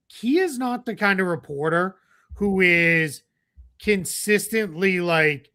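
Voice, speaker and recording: Bright-voiced chatty male podcast host. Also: high-pitched, takes it slowly. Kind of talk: casual podcast chat.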